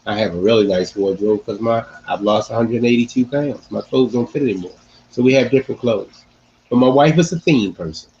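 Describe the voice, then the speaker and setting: A man hosting a casual sports-talk podcast, animated and repeating phrases for emphasis. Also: mid-range voice, fairly quick, highs cut off, slight background noise. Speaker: podcast host.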